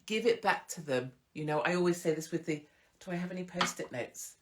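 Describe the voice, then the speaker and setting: A woman's voice: fairly low pitch, fairly quick. Frank, chatty woman host. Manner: frank and chatty, with swearing and mock voices of others. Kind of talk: casual advice monologue.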